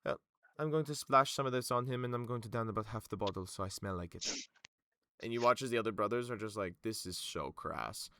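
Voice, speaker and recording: A man's voice: medium pitch, fairly even intonation, fast talker, pushed and bright, dry recording. A man narrating as game master in a tabletop game, with loose narration full of fillers.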